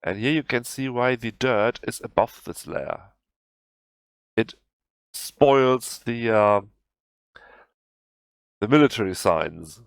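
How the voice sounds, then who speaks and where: A man with a German accent, a native German speaker, talking through a software tutorial in halting English that often restarts. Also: medium pitch, vocal fry, dry recording, clean studio sound. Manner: halting, self-correcting non-native English. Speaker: tutorial host. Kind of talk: screen-recorded software tutorial.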